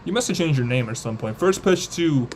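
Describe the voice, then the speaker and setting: A young man calling a baseball game live on a stream in casual play-by-play, chatting with viewers between pitches. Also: expressive, a little fast, a crowd in the background. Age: young adult.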